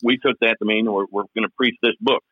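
A man's voice: on the low side, fairly even intonation, fast, husky, no echo. Southern man on a tinny phone line. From Kentucky. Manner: thoughtful, explaining at length. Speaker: podcast co-host. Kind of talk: casual podcast chat.

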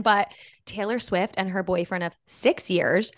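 Young woman co-host, bubbly and gossipy, mid-pitch, close-mic chat. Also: fairly even intonation, measured pace. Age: young adult. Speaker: podcast co-host. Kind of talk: casual chat. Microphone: microphone close up.

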